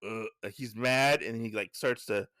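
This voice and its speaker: A man's voice: mid-range voice, moderate pace, bright, forceful tone, dry recording, studio quality. A man hosting a podcast, recapping a comic in a casual, rambling way with fillers and self-corrections. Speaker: podcast host.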